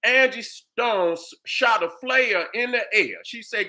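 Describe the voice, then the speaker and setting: A man's voice: extremely high pitch, slow pace, hardly any pauses, bright, forceful tone. A man hosting a heated commentary rant, angry and profane, firing off rhetorical questions. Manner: repeats "you understand what I'm saying". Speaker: host commentator.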